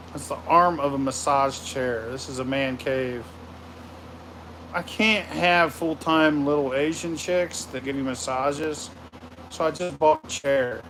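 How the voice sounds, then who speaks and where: A man hosting a casual livestream from his home man cave, greeting viewers with loud, profane, rambling shout-outs. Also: a little high, a little hiss or hum, poor audio. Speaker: livestream host.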